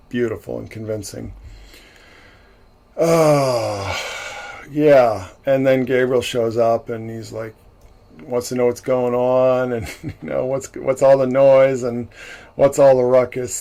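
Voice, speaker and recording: A man's voice: medium pitch, vocal fry, warm tone. A man hosting a livestream, recapping a film in a casual, rambling way with many restarts and frequent chuckles. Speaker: livestream host. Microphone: livestream mic.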